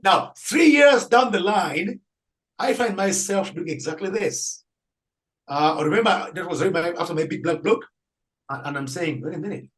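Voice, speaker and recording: Animated man telling a story, laughing often. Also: on the high side, moderate pace, poor audio. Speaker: Catholic priest guest. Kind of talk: storytelling in a faith interview.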